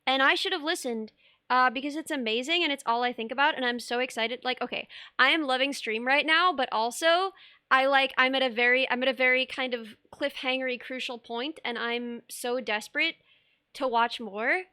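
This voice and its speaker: Bright, high-pitched bubbly woman streamer. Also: normal speed, smooth, no room sound, clean studio sound. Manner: bubbly, rambling, laughs often, reads chat aloud. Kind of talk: casual chat while sculpting.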